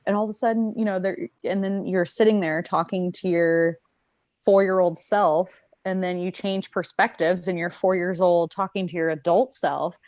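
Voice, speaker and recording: A young woman from Minnesota with a fairly low voice talks through stories in a lively, giggly way, peppering everything with "like." The sound is close and dry, with no room around it. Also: moderate pace, no room sound. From Minnesota, USA. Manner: animated, laughing storyteller, many "like" fillers. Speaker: podcast co-host. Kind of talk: casual chat.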